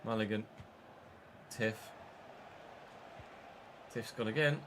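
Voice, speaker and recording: A man streaming a football video game, giving an excitable, sweary running commentary on the play. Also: mid-range voice, normal speed, pauses often, background noise. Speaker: gaming streamer. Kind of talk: live gameplay commentary.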